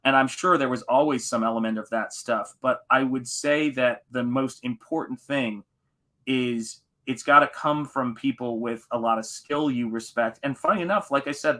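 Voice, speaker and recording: A man with a bright, forward voice hosts a live stream while he paints, talking casually to his viewers. He rambles in an animated way and drifts between comments and stories from his days as a teacher. His pitch sits in a middle range, and the talk feels relaxed and unscripted. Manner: rambling, animated, quotes movies in put-on voices.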